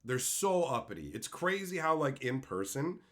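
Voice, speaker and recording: A young man from Canada, a streamer, ranting with heavy swearing and mocking, loud put-on voices. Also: mid-range voice, sing-song, normal speed. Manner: profane, mocking, swings into loud sneering impressions. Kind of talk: ranting commentary.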